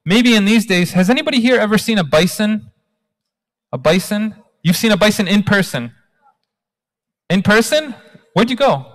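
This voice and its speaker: Animated storyteller man in an echoing hall. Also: sits high, moderate pace, long pauses. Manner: animated, engages the audience. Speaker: guest speaker. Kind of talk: storytelling religious talk. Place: large hall at a community talk night. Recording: long hall reverb.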